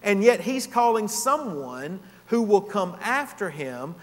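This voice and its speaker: A man preaches an expository sermon in a fairly high voice, teaching earnestly and building emphasis on his key points. His words ring out with a long reverb, as in a large church sanctuary. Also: big pitch swings, takes it slowly. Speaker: pastor.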